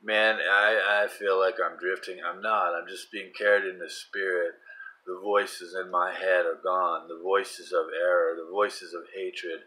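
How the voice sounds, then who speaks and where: A middle-aged man giving a fervent religious monologue, repeating himself and swinging from soft prayer to loud, urgent testimony. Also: low-pitched, little pitch movement, a little slow, poor audio. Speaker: Christian vlogger.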